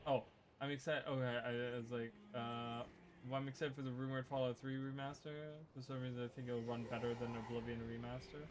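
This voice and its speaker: A man's voice: mid-range voice, little pitch movement, fairly quick, background noise. A man giving casual, rambling commentary while playing a video game, often restarting his sentences. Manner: rambling, chatty, many restarts. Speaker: gaming video creator. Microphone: USB desk microphone. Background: game music.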